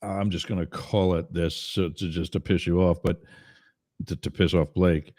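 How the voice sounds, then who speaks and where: A man's voice: sits low, steady tone, normal speed, mellow, no room sound, studio quality. A man hosting a political talk show, teasing his co-hosts and calling out to viewers in the chat. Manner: teasing, jokey asides to the chat. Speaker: host.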